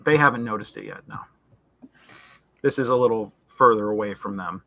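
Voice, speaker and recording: A man running a tabletop game as game master, painting scenes in detail. His voice is bright and forceful, and he often pauses and restarts mid-sentence. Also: lowish voice. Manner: descriptive, with frequent fillers and restarts.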